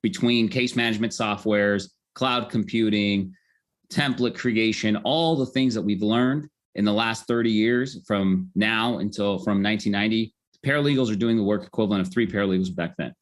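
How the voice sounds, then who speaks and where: Upbeat man explaining legal software. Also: fairly low pitch, moderate pace. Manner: explanatory, upbeat, tags points with "right?". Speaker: legal tech founder, guest. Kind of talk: conversational podcast interview.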